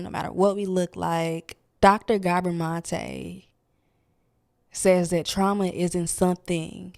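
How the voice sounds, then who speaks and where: A woman's voice: medium pitch, a little mellow, no room sound, clean studio sound. A young woman, talking candidly and earnestly in a reflective vlog monologue, dropping slang and checking in with "okay?" as she goes. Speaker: wellness vlogger.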